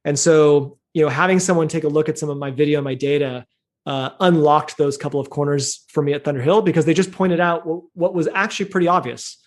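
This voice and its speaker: A man in his thirties, a podcast guest, talking in a thoughtful, measured way with plenty of fillers. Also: on the high side, fairly even intonation. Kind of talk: casual interview talk.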